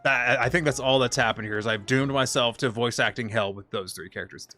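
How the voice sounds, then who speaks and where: A man's voice: medium pitch, a little fast, pushed and bright, no room sound, soft background music. A man streaming a game, chatting casually and irreverently, with frequent swearing. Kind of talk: casual gameplay commentary with voiced dialogue.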